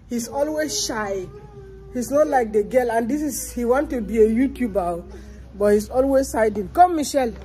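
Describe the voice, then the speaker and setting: Slow-talking mother vlogging outdoors. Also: high-pitched, a little mellow, slight background noise. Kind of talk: casual family vlog.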